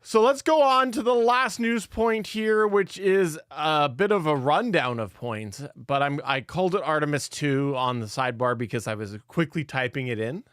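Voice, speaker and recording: Smooth-voiced easygoing man. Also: a little high, normal speed, hardly any pauses, a bit bright, no room sound, clean studio sound. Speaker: podcast co-host. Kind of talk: casual chat.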